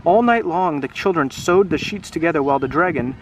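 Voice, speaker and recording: Outdoors by the water, a male English teacher reads a children's picture book aloud, chatting and asking his young listeners questions along the way. His voice is a little high, brisk and lively in intonation. Strong wind noise runs through the recording.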